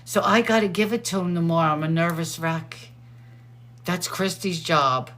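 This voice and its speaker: A middle-aged woman hosting a show, chatting casually and excitedly, laughing often. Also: lowish voice, normal speed. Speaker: host. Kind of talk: casual chat.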